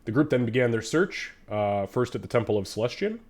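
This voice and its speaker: A man's voice: medium pitch, sing-song, fairly quick, a little mellow. A man with a nasal, stuffed-up voice from a head cold, hosting a tabletop game stream in a loose, rambling way. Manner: loose, rambling, with fillers and swearing. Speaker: game master. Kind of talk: casual live-stream chat.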